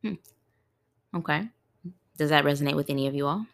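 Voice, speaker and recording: Speaking in a low, brisk voice with vocal fry, this woman hosts her own podcast casually and frequently poses rhetorical questions to the audience.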